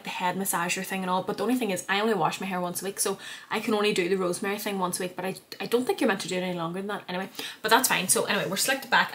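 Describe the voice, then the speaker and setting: A woman's voice: medium pitch, a bit bright, slight background noise. A young woman, chatting to her phone camera in her bedroom, rambling and poking fun at herself. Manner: chatty, self-mocking, rambling. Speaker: vlogger. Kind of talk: casual vlog chat to camera. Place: bedroom at home.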